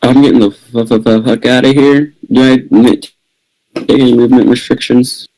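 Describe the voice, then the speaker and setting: A man's voice: mid-range voice, steady tone, moderate pace, dark tone, low-quality recording. A man playing a tabletop game who stammers and swears freely as he talks. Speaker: player. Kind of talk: casual tabletop play.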